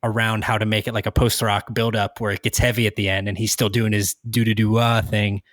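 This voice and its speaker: A man's voice: fairly low pitch, level tone, a little fast, no echo, studio quality. A man hosting a podcast in casual chat, rambling with many restarts and fillers. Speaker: podcast host.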